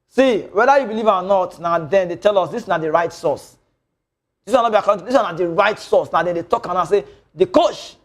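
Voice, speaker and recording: A man with a Nigerian accent giving opinionated football news commentary, mixing Pidgin into his English as he rambles on. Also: high-pitched. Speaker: sports news presenter.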